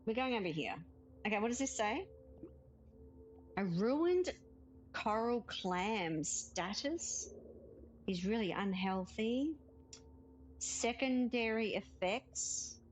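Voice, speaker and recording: A woman's voice: fairly high pitch, animated, slow pace, long pauses, faint music behind, poor audio. A woman chatting casually while playing a game, giggling often and reading game text aloud. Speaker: gaming streamer. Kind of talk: casual let's-play chat.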